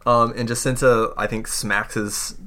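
A man's voice: medium pitch, flat delivery, measured pace, sharp tone. A man narrating a tabletop game as game master, in a casual, hesitant way.

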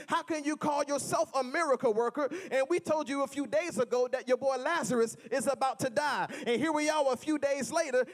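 A man preaching a sermon in a rhythmic, repetitive style, mixing humor with building refrains. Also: very high-pitched.

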